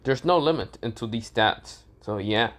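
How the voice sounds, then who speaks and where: A man voicing a calm, weary young man who explains things matter-of-factly. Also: mid-range voice, normal speed, natural voice. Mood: explaining.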